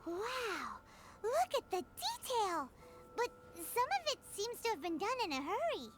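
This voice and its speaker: A woman voicing a small, curious, blunt fairy companion in a game with a high, bouncy voice. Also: sing-song, a little slow, over music, heavily acted.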